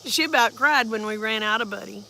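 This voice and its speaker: A woman's voice: a little high, a little fast, creaky, pushed and bright, a little hiss or hum. A woman, chatting folksily about her farm in a casual storytelling vlog. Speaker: farm vlogger.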